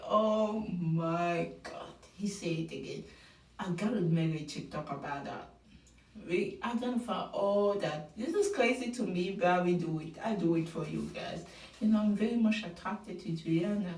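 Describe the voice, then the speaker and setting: A woman giving opinionated, animated commentary on a reality show, sometimes mocking the people she talks about. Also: mid-range voice. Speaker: reality TV recap vlogger. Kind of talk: casual commentary. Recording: roomy sound, mic at a distance.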